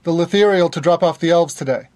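A man's voice: a little high, fast, darkish tone, no room sound. A man running a tabletop game as game master, asking the players plain rules questions.

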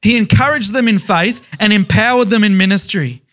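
A man's voice: sits high, a little fast, fairly bright tone. Emphatic male pastor preaching. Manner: emphatic, repeats key words in lists. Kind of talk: sermon.

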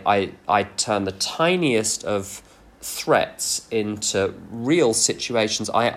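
A man giving a recovery workshop talk, frank and self-deprecating, mixing personal anecdotes into his teaching. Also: low voice. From England.

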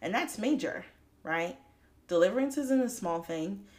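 A woman talking a faith-based pep talk on her own podcast. She speaks straight to the listener with a lively, preachy energy and laughs often. Her voice sits at an ordinary middle pitch. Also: measured pace. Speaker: podcast host.

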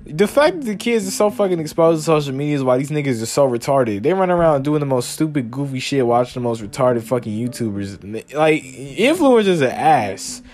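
Animated young man ranting with profanity. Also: mid-range voice, a little fast, hardly any pauses. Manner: animated, swearing, mock-quoting people in a raised voice. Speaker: podcast host. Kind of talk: profane comedic rant.

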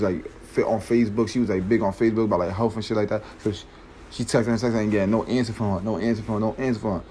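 A man's voice: lowish voice, warm tone, a little hiss or hum. A man telling a story in a casual, slangy, rambling way, often checking in with his listeners.

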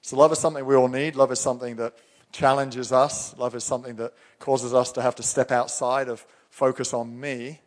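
A man's voice: mid-range voice, flat delivery, a little fast. Preaching man in a reverberant hall. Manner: earnest, emphatic preaching, reads scripture aloud. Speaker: pastor. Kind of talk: sermon.

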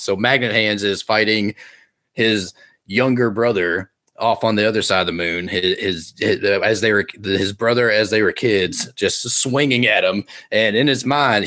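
Man, game master, fairly low voice, playful comic narration. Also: fairly bright tone. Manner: playful, puts on quick voices for characters. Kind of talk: narrating a comedic tabletop game.

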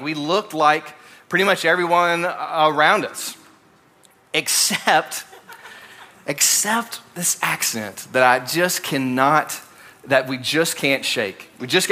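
A man's voice: fairly high pitch, a little slow, pushed and bright. A young man from Alabama with a Southern accent, preaching a casual, story-driven sermon full of fillers and restarts. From Alabama, USA. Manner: conversational, many fillers and restarts.

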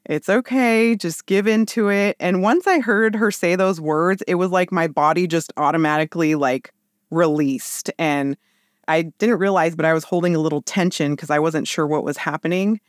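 A woman in her thirties telling a personal story in casual chat, with lively, animated quoted voices. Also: low voice, moderate pace, dry recording, clean studio sound. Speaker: podcast guest.

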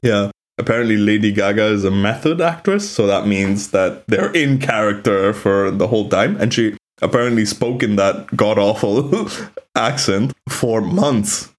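An Italian man, a native speaker with an Italian accent, co-hosts a podcast in casual, opinionated chat. His voice is lowish and his pace measured, and he drops "like" as a filler often.

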